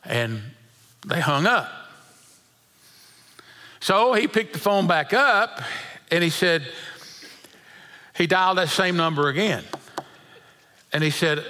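A man's voice: fairly high pitch, expressive, moderate pace, long pauses, bright, forceful tone. A middle-aged man preaching a sermon, telling folksy stories with chuckles and often repeating his words. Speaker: pastor.

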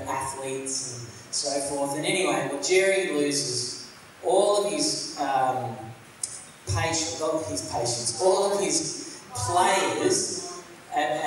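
A man giving a casual, rambling sermon with a slightly high voice. He talks like a pastor chatting with his congregation, and he often stops and starts again mid-sentence. The recording sounds like a big, echoey church hall picked up from far off, with a faint hiss underneath. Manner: rambling, conversational, many fillers and restarts. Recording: echoey room, mic at a distance, faint hiss.

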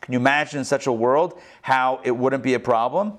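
A man, a rabbi, teaching a class in an animated way, throwing rhetorical questions at his students. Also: mid-range voice, brisk. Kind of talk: interactive lesson.

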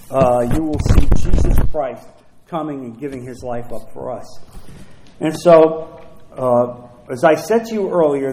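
A man preaching a sermon as pastor, emphatic, repeating key phrases and slowing down to read scripture aloud. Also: on the high side, a little mellow, roomy sound, rough recording.

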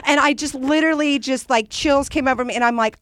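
A woman's voice: high-pitched, a little fast, dry recording, studio quality. A woman guest comedian telling a story in casual podcast chat, acting out the voices of the people in it.

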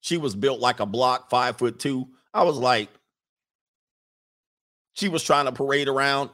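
A man's voice: medium pitch, normal speed, fairly bright tone. A man riffing casually and comically as a streamer reading viewer comments, slangy and crude, breaking into laughter often.

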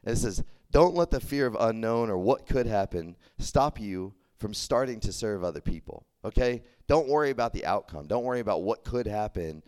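A man's voice: on the low side, animated, normal speed, few pauses, darkish tone, smooth. A young man giving a casual, conversational sermon to a college group, telling a story with many fillers. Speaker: preacher at a college ministry.

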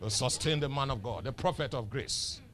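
A man's voice: mid-range voice, lively intonation, normal speed, fairly bright tone. A male pastor preaching a sermon, emphatic and teasing, firing rhetorical questions at the congregation. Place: church.

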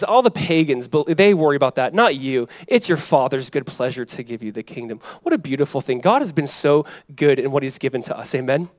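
A man in his thirties preaching a sermon as pastor, in a conversational, animated way that often checks in with the congregation. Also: mid-range voice, dry recording, poor audio. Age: 30s. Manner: conversational, animated preaching with frequent "right?" and "Amen?".

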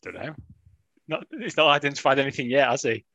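A man's voice: medium pitch, quick pace, vocal fry, pushed and bright, dry recording, muffled recording. A man co-hosting a casual football podcast, talking in dry, wry dialect banter. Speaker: podcast co-host.

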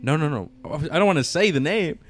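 A man's voice: a little high, lively intonation, a little fast, a loud crowd. Rambling, profane young man telling stories. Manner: rambling, profane storytelling with many restarts. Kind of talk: casual chat.

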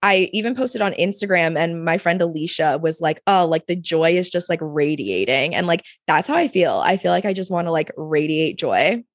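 A woman's voice: lowish voice, lively intonation, moderate pace, hardly any pauses, dry recording, studio quality. A young woman co-hosting a podcast, talking casually and chattily, filling her talk with "like" and laughing often. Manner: chatty, fillers of "like", frequent laughter. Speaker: podcast co-host. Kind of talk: casual chat.

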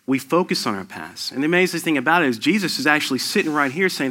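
Earnest man preaching with bright tone. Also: fairly high pitch, animated, fast talker, hardly any pauses. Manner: earnest, personal storytelling with rising emphasis. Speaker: lay preacher sharing testimony. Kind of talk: sermon.

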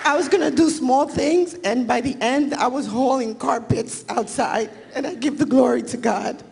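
A woman with a husky voice giving an emotional church testimony, close to tears. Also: sits high, normal speed, darkish tone, in a large hall, some chatter behind. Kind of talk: personal testimony.

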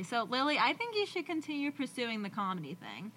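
A woman's voice: on the high side, sing-song, a little fast, pushed and bright. A young woman co-hosting a podcast, chatting casually and rambling with lots of fillers. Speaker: podcast co-host. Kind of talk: casual chat.

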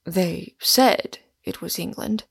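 A woman reading the lines of a huge, excitable young wanderer in an audiobook, in a slightly lower, gravelly voice. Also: measured pace, dry recording, studio quality. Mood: conspiratorial.

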